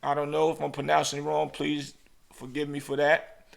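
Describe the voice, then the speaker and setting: A man's voice: on the high side, moderate pace, creaky. A male podcast host telling casual stories and acting out voices in his anecdotes. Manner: animated, acts out voices in anecdotes. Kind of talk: casual storytelling chat.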